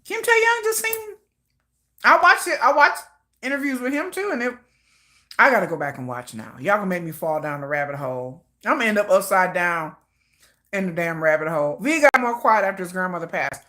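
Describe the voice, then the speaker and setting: A woman hosts a casual fan livestream, telling stories in a lively, laughing way. Her voice is high and bright and swoops widely up and down. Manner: animated, laughing, dramatic storytelling. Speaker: livestream host.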